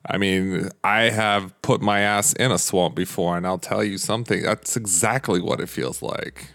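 Gravelly low man joking at the table. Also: moderate pace, fairly bright tone. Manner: joking, playful. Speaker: player. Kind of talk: tabletop game play.

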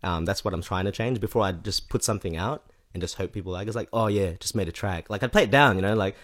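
A man's voice: on the low side, fast talker, fairly bright tone. A man talks casually on a podcast. He rambles, restarts his sentences and fills the gaps with "um" and "like". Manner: rambling, self-correcting, with lots of fillers. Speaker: podcast guest, rapper. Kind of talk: casual chat.

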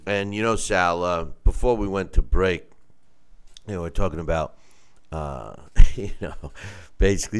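A middle-aged man hosting a casual talk show, animated and quick to act out other people's voices. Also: clear, resonant tone. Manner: animated, acts out quoted voices in mock falsetto.

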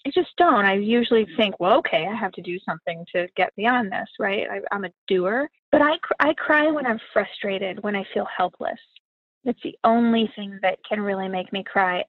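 A woman on a call, telling her story in a candid, brisk way. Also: mid-range voice, dry recording. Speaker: guest on a call. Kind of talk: casual conversation over a call. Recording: tinny phone-like line.

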